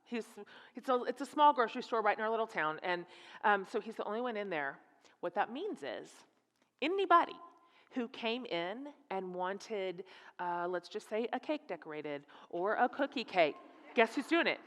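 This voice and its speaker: A middle-aged woman speaking as a guest speaker in a church, telling a humorous story in an animated, laughing, self-mocking way. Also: medium pitch, normal speed. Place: church sanctuary. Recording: echoey hall.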